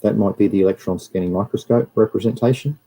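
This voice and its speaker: A man's voice: lowish voice, fast talker, warm tone, slightly rough, rough recording. An Australian man hosting a livestream and giving a casual, rambling talk over slides while greeting viewers. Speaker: livestream host.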